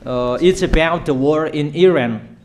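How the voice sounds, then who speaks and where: A man preaching a declaratory sermon, emphatic and repetitive, addressing listeners directly with halting pauses. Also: on the high side, a little mellow.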